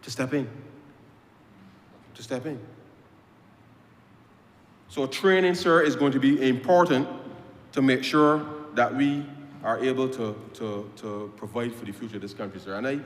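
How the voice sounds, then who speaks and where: A man's voice: mid-range voice, normal speed, slight background noise. A man with a Barbadian accent speaks in parliament, driving his points home by repeating lines and tagging nearly every phrase with "sir." His mid-range voice rings through a roomy chamber with a long, trailing reverb. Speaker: member of parliament. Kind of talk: parliamentary speech. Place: legislative chamber.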